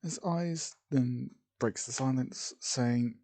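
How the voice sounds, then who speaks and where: Rambling breathy male storyteller. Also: mid-range voice, animated, slow, pauses often, mellow. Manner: rambling, full of "sort of" and "well". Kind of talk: improvised fan story narration.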